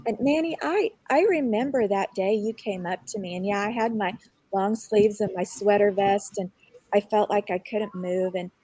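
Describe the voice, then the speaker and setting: Woman guest, earnest reflective storyteller, mid-pitch, dry close sound. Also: normal speed, dark tone, husky, no room sound. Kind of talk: casual chat on a live online show.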